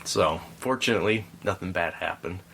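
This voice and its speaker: A man hosting a podcast, telling a story in a relaxed, rambling way with frequent restarts. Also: low-pitched, normal speed, vocal fry, slight background noise. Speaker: podcast host. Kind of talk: casual storytelling chat.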